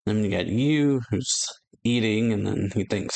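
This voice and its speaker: Man, low voice, gravelly fry, casual manga recap, rambling fillers, flat read-out dialogue. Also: unhurried. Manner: rambling, many "and so, yeah" fillers; reads characters' lines in a flat recap voice. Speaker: anime reaction channel host.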